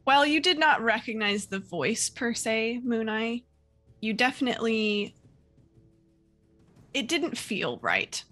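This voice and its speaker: A woman game master narrating a tabletop game, halting with many fillers. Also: fairly high pitch, sing-song, bright, forceful tone, soft background music.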